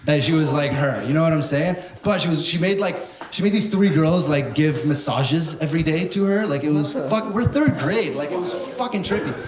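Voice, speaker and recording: A man's voice: a little high, fairly quick, few pauses. A young man doing a stand-up comedy set, telling stories animatedly and swearing a lot while he acts out the people in them. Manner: animated storytelling, heavy swearing, acts out characters. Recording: echoey room with live audience. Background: audience crowd.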